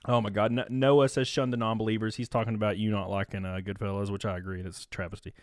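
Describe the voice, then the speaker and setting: A man in his thirties hosting a casual streamed podcast, crude and excitable, laughing loudly and reading out chat messages. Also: fairly low pitch, fast talker, dry recording, studio quality. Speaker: streamer host.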